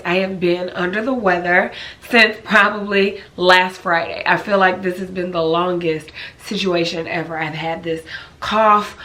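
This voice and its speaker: A woman vlogger chatting casually to camera, hoarse and raspy from a cold, easily out of breath, talking in a friendly way full of likes and ums. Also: fairly low pitch, steady tone, a little slow, pushed and bright.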